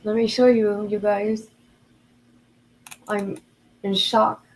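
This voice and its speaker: A woman's voice: mid-range voice, level tone, takes it slowly, a little hiss or hum, rough recording. An older woman hosting a casual livestream, chatty and earnest, talking straight to her viewers and openly emotional. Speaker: livestream host.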